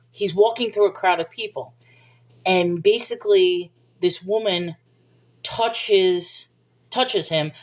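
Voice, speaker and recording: A woman hosting a livestream, answering viewers' questions in a casual, rambling Bible discussion and apologizing for wandering off topic. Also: fairly low pitch.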